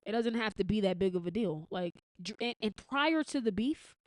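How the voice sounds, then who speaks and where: A woman's voice: medium pitch, animated, normal speed, no room sound. An American woman hosting a podcast, giving blunt, profane commentary in a casual, opinionated way with frequent restarts. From United States. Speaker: podcast host.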